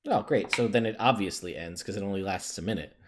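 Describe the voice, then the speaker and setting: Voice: sits low, fast talker. A game master running a tabletop game over a casual session, talking loosely with lots of fillers and restarts. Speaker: dungeon master.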